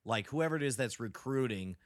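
A man on a comedy podcast whose voice swings widely in pitch. He laughs often as he spins animated, silly scenarios. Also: fairly quick. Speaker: podcast co-host. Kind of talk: casual comedic chat.

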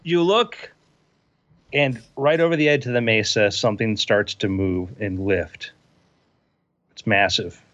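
A man running a tabletop game as game master, narrating scenes in a playful, animated way. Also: lowish voice, measured pace, long pauses, muffled recording.

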